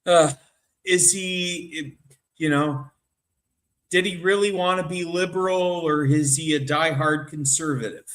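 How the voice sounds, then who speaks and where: A man hosting a casual talk radio chat, slow, chatty and rambling. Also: a little high, fairly even intonation, fairly bright tone. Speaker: host.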